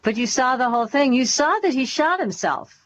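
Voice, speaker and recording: A woman's voice: high-pitched, expressive, a little fast. A woman hosting a radio interview, attentive and affirming, drawing out her guest. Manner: attentive, affirming, many short responses. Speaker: radio show host. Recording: dull lo-fi sound with faint noise.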